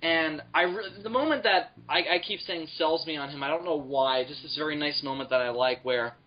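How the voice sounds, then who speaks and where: A woman co-hosting a casual movie chat, animated and opinionated, with frequent fillers. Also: sits low, a little fast, dull audio. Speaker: podcast co-host.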